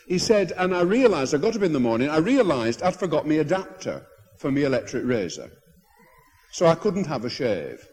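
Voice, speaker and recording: A man preaching a sermon as a bishop, telling stories in an animated way with hesitant restarts. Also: on the high side. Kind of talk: sermon storytelling. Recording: husky voice in a long-reverb hall.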